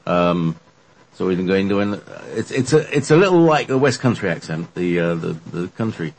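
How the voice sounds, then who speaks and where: Guy, low husky voice, hesitant podcast chatter. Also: sing-song, normal speed. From Britain. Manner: rambling, hesitant, with many fillers and laughs. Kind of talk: casual podcast chat.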